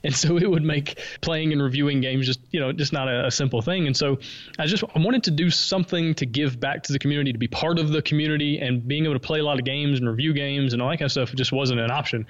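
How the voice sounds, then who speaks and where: A man with a Southern US accent talking casually as a guest, quick, animated and self-deprecating. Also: fairly high pitch. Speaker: podcast host being interviewed. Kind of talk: casual conversation. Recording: lo-fi remote call audio.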